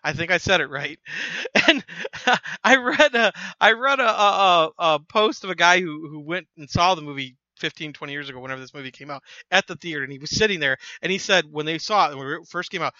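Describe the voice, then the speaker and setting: A man's voice: on the high side, a little fast, pushed and bright, no room sound, muffled recording. A man hosting an opinion commentary, talking emphatically in a preachy way and often restarting his sentences. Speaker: host.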